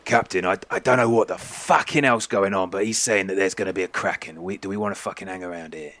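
A man voicing Bjorn, a gruff, sweary pirate deckhand who is suspicious of a stranger. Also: low-pitched, quick pace, a bit bright. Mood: alarmed. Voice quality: coarse and sweary.

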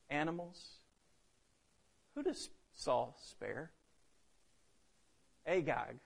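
Male preacher, high voice, dynamic delivery with big swings in volume. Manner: dynamic, swings between loud emphasis and hushed drops. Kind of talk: sermon.

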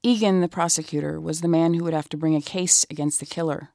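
A narrator telling a crime story in measured, scripted documentary style. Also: mid-range voice, steady tone, creaky, warm tone, no echo, clean studio sound.

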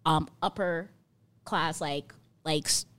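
A woman, lead actress of a web series, talking as a podcast guest in a lively, slangy way, full of "like". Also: low-pitched, takes it slowly, clear, resonant tone, no echo. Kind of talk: casual interview chat.

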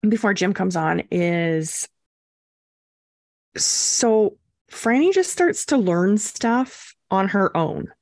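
Gravelly young mom telling a story. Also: female voice, mid-range voice, slow pace, no room sound, clean studio sound. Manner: animated, acts out quotes with swearing and laughs. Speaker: podcast co-host. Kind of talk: casual storytelling chat.

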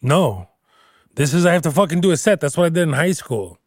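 A man's voice: a little high, fairly quick, no echo. Swearing man in his thirties, dry sound. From Houston, Texas. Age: 30s. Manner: animated, swearing, playful banter. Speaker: comedian co-host. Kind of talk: casual chat.

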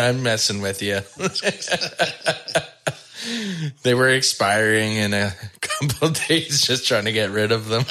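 A man hosting a podcast, who tells stories in an animated way and laughs often. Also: lowish voice. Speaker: podcast host. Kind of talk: casual interview chat.

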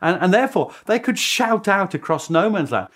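A man, a historian, telling the story in an interview in an animated way, often chuckling and restarting his sentences. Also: sits high, moderate pace. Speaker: historian guest.

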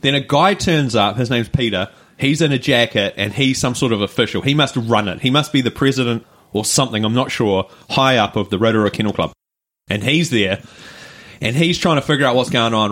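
A man's voice: medium pitch, moderate pace, a bit bright. A man with a New Zealand accent, co-hosting a podcast and telling rambling anecdotes. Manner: rambling anecdotes with fillers and laughs. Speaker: podcast co-host. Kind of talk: casual chat, storytelling.

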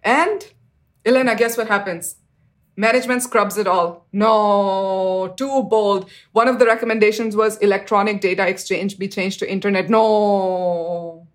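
A woman in her thirties speaks at a middle pitch as an interview guest, telling her own story with earnest conviction. She leans on casual fillers and leaps high in pitch whenever she acts out a remembered exchange. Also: steady tone, fairly quick, a bit bright. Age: 30s. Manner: frequent fillers like "like, you know".

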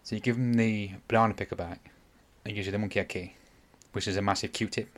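A man hosts a casual podcast in a low voice, rambling through a long retelling. He loses his place often, stops to correct himself and apologizes. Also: steady tone, fast talker. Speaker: podcast host. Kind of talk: casual chat.

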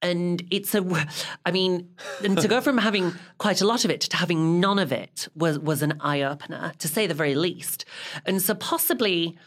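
A woman co-hosting a podcast, chatting casually about a TV series in a measured, wry way. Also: on the low side. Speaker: podcast co-host. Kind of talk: casual chat reviewing a TV series.

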